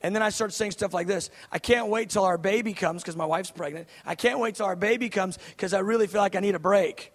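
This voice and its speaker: A man's voice: sits high, a little fast, hardly any pauses. A man in his thirties preaching a sermon, telling a story in an earnest way with many fillers and restarts. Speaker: pastor. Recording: long reverb of a large hall.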